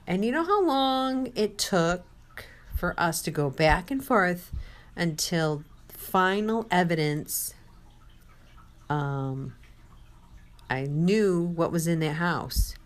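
Slow-paced woman preaching a testimony. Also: fairly low pitch, animated. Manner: unhurried storytelling with quoted dialogue and asides. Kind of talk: testimony-style sermon.

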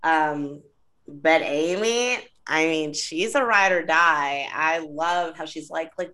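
A woman's voice: low-pitched, takes it slowly. A woman chatting casually as a podcast co-host, recapping reality TV, laughing often and acting out what people said. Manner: animated, laughs often, acts out quotes.

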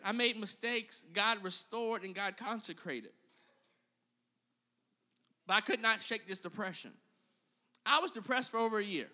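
A man's voice: sits high, sharp tone, big-room sound. A male preacher giving an impassioned sermon and calling out to his congregation. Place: church.

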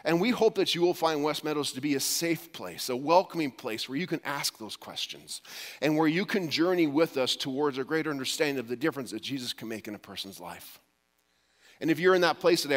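Male pastor, slightly high voice, storytelling sermon, hushed quotes, long hall reverb.

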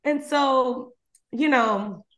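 A woman's voice: high voice, drawn-out words, a bit bright. A woman host casually retelling a novel's plot. She talks loosely, swears freely, laughs often and leans on fillers like "you know". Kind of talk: casual book recap chat.

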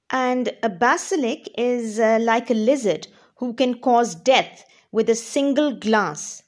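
A woman's voice: on the high side, animated. A woman teacher reading a storybook aloud to language learners and explaining words along the way. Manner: slow and clearly spoken, explaining to learners. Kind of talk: reading a class reader aloud.

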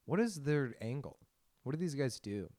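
A man's voice: medium pitch, animated, moderate pace, darkish tone, no echo, clean studio sound. A young man hosting a solo podcast, telling crude stories with a lot of laughing and self-mockery. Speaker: podcast host. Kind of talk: rambling solo podcast monologue.

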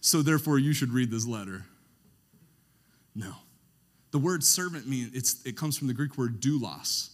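A man preaching a sermon, who often pauses so that the congregation can finish his sentences. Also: mid-range voice, a bit bright. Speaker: pastor.

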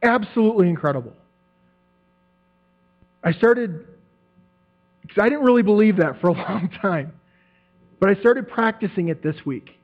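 Male speaker, slightly high voice, lively storytelling testimony, tinny humming recording. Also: normal speed, long pauses. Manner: animated storytelling, acts out quotes, laughs often. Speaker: church member giving a testimony. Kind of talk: testimony talk to a church group. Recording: tinny phone-like sound with mains hum.

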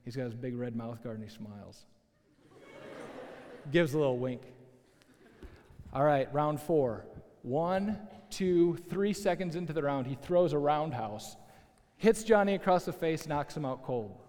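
Animated storytelling pastor in a hall. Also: male voice, fairly high pitch, unhurried, pauses often, slight background noise. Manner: animated, conversational storytelling with asides. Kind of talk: storytelling sermon. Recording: long hall reverb.

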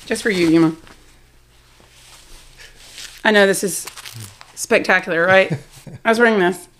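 A middle-aged woman with a Southern US accent, a guest on an interview, talking in a quick, chatty way and laughing easily. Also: medium pitch, slight background noise. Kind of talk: casual interview chat.

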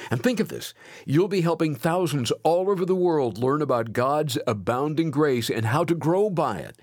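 Measured male radio program host. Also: on the high side, darkish tone, no echo, clean studio sound. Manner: smooth, measured, promotional. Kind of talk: radio announcement.

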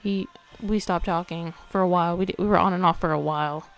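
A teenage podcast host talks quickly in a lowish voice with fairly even intonation. Though fast, she's hesitant and soft-spoken, often slipping into a whisper, yawning and weary through this late-night confessional monologue.

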